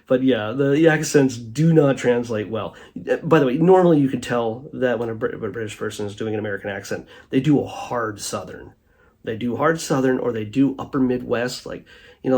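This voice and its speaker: Male vlog host, husky mid-range voice, loose unscripted commentary full of restarts and fillers. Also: medium pitch, a little mellow. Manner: rambling, many fillers and restarts. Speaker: host reviewing a streaming documentary. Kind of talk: casual spoken commentary.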